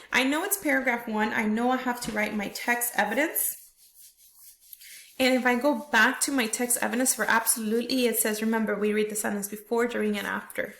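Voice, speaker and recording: A woman's voice: on the high side, fairly bright tone. A woman teacher walking young students through a reading lesson step by step, often checking in with "right?". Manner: explains step by step, tags questions with "right?". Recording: roomy echo.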